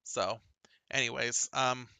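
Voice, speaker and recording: A man's voice: mid-range voice, steady tone, takes it slowly, vocal fry, pushed and bright, smooth, dry recording. A man hosting a casual gaming podcast, chatting and laughing as he reads out news items. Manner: chatty, laughs often, many fillers. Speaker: podcast host.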